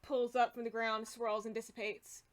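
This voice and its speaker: A woman's voice: on the high side, flat delivery, normal speed. A woman narrating a tabletop game as game master, talking loosely with lots of fillers.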